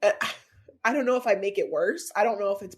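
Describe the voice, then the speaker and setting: Podcast co-host, woman in her thirties, candid and halting, choked up, mid-pitched everyday voice. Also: slightly rough. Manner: tearful, halting, open about feelings. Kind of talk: candid emotional podcast chat.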